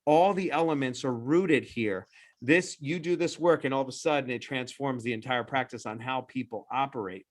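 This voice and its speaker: A man presenting as a dental practice-growth consultant in a webinar, pitching persuasively in quick bursts with frequent restarts. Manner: persuasive, animated sales-style pitching.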